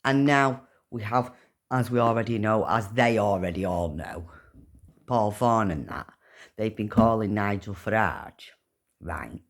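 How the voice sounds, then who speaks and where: A woman delivering an angry, profane rant, swearing and shouting in bursts. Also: extremely low pitch, measured pace. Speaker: political commentator. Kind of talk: angry ranting monologue.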